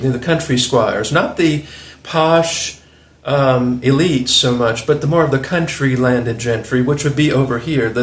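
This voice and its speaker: A man in his forties with a Southern US accent, hosting a rambling, opinionated monologue with chuckling asides. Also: medium pitch. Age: 40s. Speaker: video host. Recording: roomy echo.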